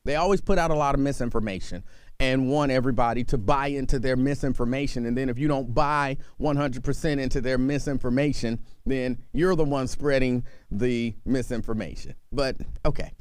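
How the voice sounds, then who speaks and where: A man's voice: medium pitch, brisk, clear, resonant tone, no room sound. A man hosting a call-in talk radio show, chatting loosely and repeatedly breaking into laughter at a studio microphone.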